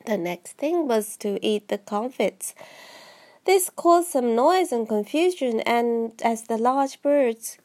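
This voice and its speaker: A woman's voice: fairly high pitch, lively intonation, slow, mellow. A woman with a head cold, reading a children's book aloud in English, with frequent slips and restarts. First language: Japanese. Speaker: amateur reader.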